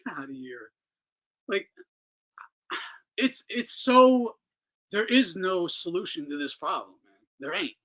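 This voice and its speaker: A man's voice: sits high, animated, takes it slowly, vocal fry, long pauses, a bit bright, rough recording. A man hosting a boxing talk show, ranting in a heated, profane way. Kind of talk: ranting commentary.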